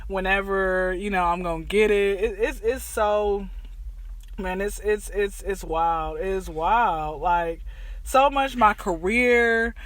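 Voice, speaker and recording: A woman in her twenties hosting a casual chat show, telling animated stories and acting out family dialogue. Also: medium pitch, dry recording. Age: 20s. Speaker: podcast host.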